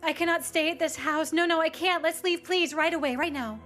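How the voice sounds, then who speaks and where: A woman's voice: very high-pitched, fairly even intonation, brisk, bright, forceful tone, soft background music. An actress playing a desperate young mother in a dubbed TV drama, pleading and anguished.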